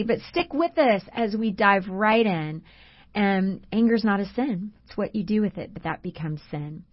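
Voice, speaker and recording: Woman, radio co-host, faith talk show, earnest storytelling, fillers, slightly muffled studio audio. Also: medium pitch.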